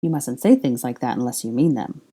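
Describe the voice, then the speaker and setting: A woman's voice: extremely low pitch, animated, a little fast, warm tone, breathy edge, voice pushed down, full character voice. A woman doing a haughty young wizard nobleman. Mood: teasing. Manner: formal, clipped, mock-stern phrasing. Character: haughty, teasing young aristocratic wizard man.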